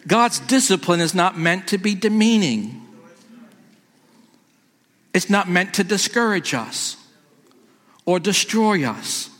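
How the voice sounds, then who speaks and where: A man's voice: high voice, animated, takes it slowly, pauses often, a bit bright, a little hiss or hum. Earnest middle-aged guy preaching, takes his time, church hall echo. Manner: earnest, quotes scripture. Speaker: pastor. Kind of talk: sermon.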